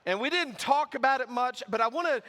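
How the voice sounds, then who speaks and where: A man's voice: very high-pitched, expressive, a little fast, fairly bright tone, in a large hall. A man preaching a sermon as pastor, casual and conversational as he reads and explains scripture. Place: church sanctuary.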